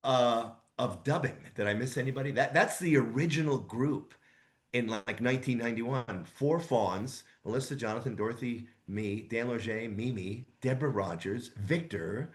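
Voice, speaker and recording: A man in his sixties, a voice actor guest telling rambling, lively anecdotes in a casual interview. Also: mid-range voice, moderate pace. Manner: rambling, animated anecdotes with asides.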